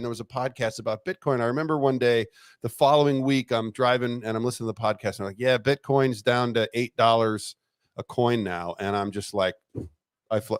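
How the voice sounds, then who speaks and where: A middle-aged man, a retired police detective and interview guest, telling a story in a casual, animated way, laughing often and swearing freely. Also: mid-range voice, no echo, studio quality.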